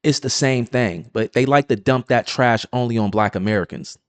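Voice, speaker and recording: A man's voice: medium pitch, normal speed, no room sound. A man giving combative, insistent reaction commentary on a clip.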